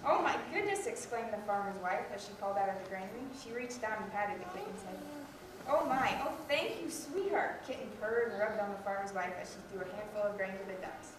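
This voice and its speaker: A woman reading a children's story aloud with lively expression at a school program. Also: mid-range voice, fast, few pauses. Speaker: student reader. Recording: echoey hall from far off, noisy.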